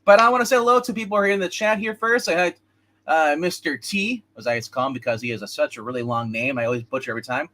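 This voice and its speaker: A man's voice: fairly high pitch, fast talker, sharp tone. A man co-hosting a casual comics livestream, rambling and opinionated as he chats with a co-host and viewers. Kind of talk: casual live-stream chat.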